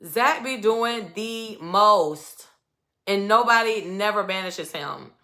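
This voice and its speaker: A woman's voice: medium pitch, slow. Sassy woman recapping reality TV. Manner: animated, sassy, acts out quotes with attitude. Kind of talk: casual recap commentary.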